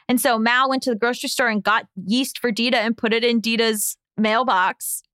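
A woman co-hosting a podcast, with a high, bright voice and a chatty storyteller's flow, laughing easily. The sound is dry and close, with no room to it. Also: steady tone, moderate pace, hardly any pauses, clean tone, dry recording. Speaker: podcast co-host. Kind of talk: casual chat.

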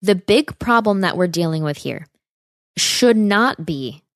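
A woman's voice: on the low side, lively intonation, measured pace, dry recording, clean studio sound. A woman hosting a political commentary podcast, speaking emphatically and throwing out sarcastic rhetorical questions. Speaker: podcast host.

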